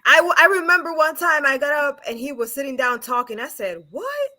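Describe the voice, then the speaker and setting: A woman calling in to a talk show, chatting casually and reacting quickly. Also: sits high, pushed and bright. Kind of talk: casual chat.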